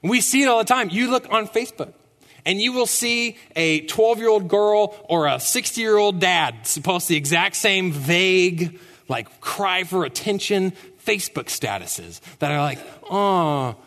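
Young male preacher, lively high delivery, long church echo. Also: unhurried. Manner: animated, emphatic, rhetorical "right?". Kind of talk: sermon. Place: church sanctuary.

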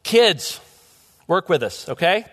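Middle-aged male pastor, earnest sermon, somewhat high voice, long church reverb. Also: sing-song, slow pace, a bit bright. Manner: earnest, with frequent restarts and repeated words. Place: church sanctuary.

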